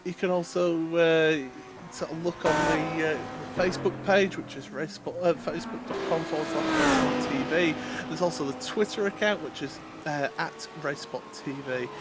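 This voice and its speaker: A race commentator covering a sim racing stream live talks at normal speed, his pitch fairly high and his delivery expressive. He chats away with lots of fillers and quick laughter, while race car engines sound in the background.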